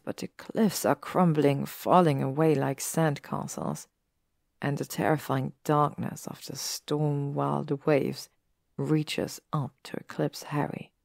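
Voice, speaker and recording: Low gravelly woman reading a story. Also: darkish tone, no room sound, studio quality. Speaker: narrator. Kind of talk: audiobook reading of fan fiction.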